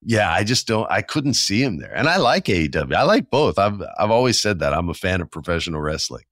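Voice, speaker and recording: A man in his forties with a low, deep voice talks loosely and eagerly as the host of his own show. He keeps things chatty and tosses in quick voiced asides. The sound is dry and close, with no room around it. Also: sing-song, fairly bright tone, no echo. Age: 40s. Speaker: podcast host. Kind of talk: casual solo commentary.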